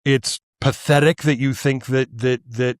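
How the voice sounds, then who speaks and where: A man's voice: medium pitch, steady tone, unhurried, no echo, clean studio sound. Angry, ranting male podcast host. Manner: heated, profane ranting with stammered restarts. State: worked up and angry. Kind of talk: angry political monologue.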